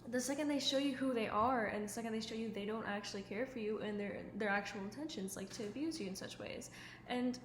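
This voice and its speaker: A woman talks straight to camera from home, giving earnest self-improvement advice in a loose, chatty way, with plenty of "like" and "um" between thoughts. Her voice sits a little high. The room gives her an echo, and a faint hum of noise lies underneath. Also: fast. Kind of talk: casual advice monologue to camera. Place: at home indoors.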